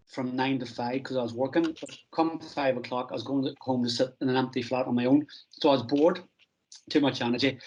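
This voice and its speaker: A middle-aged man from Northern Ireland, a strength coach telling stories from his career in a relaxed, self-deprecating interview. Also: medium pitch, rough recording. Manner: anecdotal, self-deprecating, acts out quoted dialogue.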